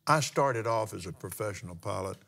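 Older man, gravelly low storytelling. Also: expressive, fairly bright tone. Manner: folksy, drawn-out storytelling with pauses and restarts. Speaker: minister and pilot. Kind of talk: storytelling testimony in a broadcast talk.

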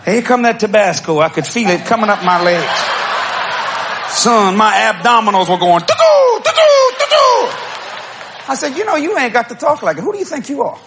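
High-pitched preacher guy, middle-aged, super animated, swoops up and down doing all the voices in his stories, shouts and laughs. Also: fairly quick, background noise. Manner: animated, acts out quotes, bursts into shouts and laughter. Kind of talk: humorous storytelling sermon.

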